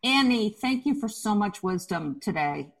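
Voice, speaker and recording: A woman with a light Boston accent co-hosts a podcast over a video call. She speaks at an average pitch for a woman and leans hard on her words with gushing enthusiasm. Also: lively intonation, unhurried, creaky, rough recording. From Boston area. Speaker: podcast co-host.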